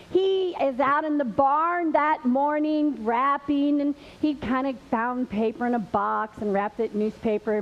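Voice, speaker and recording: A woman hosting a live church show, chatty and laughing, a little nervous as she tells a story. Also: fairly high pitch. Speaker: host. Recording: dull lo-fi with faint hiss.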